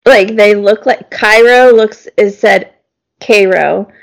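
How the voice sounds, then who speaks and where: A woman's voice: mid-range voice, fairly even intonation, slow pace. A woman telling rambling stories in a casual chat, often breaking into laughter. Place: lives in Georgia.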